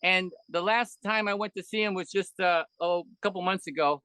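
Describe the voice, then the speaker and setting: Older man telling stories, high-pitched. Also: brisk, sharp tone, clean tone, no room sound. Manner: rambling storyteller who acts out quoted voices. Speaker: podcast guest, veteran animator. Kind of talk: casual interview chat.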